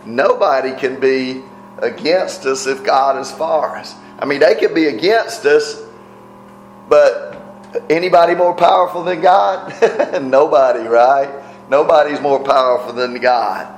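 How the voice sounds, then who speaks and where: A man's voice: mid-range voice, takes it slowly. A man preaching a sermon in a conversational teaching manner, often checking in with his listeners. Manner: conversational teaching, tag questions. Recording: roomy echo with faint music.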